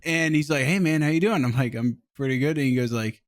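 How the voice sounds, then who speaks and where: A man's voice: mid-range voice, quick pace. A young man co-hosting a podcast, teasing his friends and telling anecdotes in casual chat, often with a chuckle. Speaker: podcast co-host.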